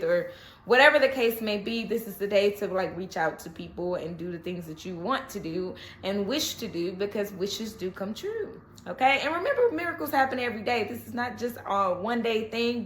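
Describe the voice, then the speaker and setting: A woman gives a casual tarot reading in a lively, encouraging manner, often checking in with the listener. Her voice sits mid-range in pitch. The recording is roomy and echoey, with a faint hiss underneath. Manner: animated, repeats "okay?" and reassuring phrases. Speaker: tarot reader. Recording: echoey room with faint noise.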